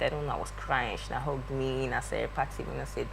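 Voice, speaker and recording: Young woman, low-pitched, very expressive, acts out voices. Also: fast, vocal fry, hardly any pauses, a little hiss or hum. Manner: lively, acts out quoted voices. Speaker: guest. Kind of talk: animated storytelling.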